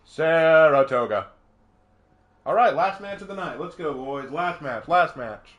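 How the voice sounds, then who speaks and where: A man's voice: a little high, animated, normal speed, dull audio, slight background noise. A young man streaming a game, chatting in a laid-back, joking way with a co-host. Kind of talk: casual gaming stream chat.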